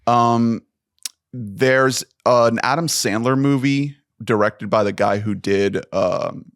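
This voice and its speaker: A man's voice: mid-range voice, slow pace, no echo, studio quality. A man co-hosting a casual podcast chat, often hesitating with ums and laughing. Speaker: podcast co-host.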